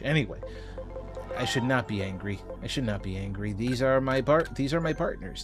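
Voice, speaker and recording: A man giving casual gameplay commentary as a streamer, animated and chatty. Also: medium pitch, normal speed, music in the background. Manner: animated, puts on goofy voices when reading dialogue.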